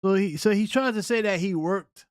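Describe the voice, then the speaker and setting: A man's voice: high-pitched, normal speed, smooth, dry recording, clean studio sound. A young man hosting an unscripted reaction show, ranting in a heated, incredulous and profane way. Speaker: commentary show host.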